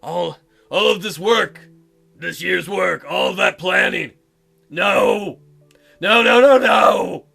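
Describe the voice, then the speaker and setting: A man's voice: high voice, fairly even intonation, measured pace, gravelly, pushed and bright, slightly rough, faint music behind, pitched below the performer's own voice, exaggerated voice. A man voicing a clumsy, tearful young woman Santa in a visual novel, wailing and full of self-pity. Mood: despairing. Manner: sobbing, wailing and self-pitying. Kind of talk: reading a visual novel aloud.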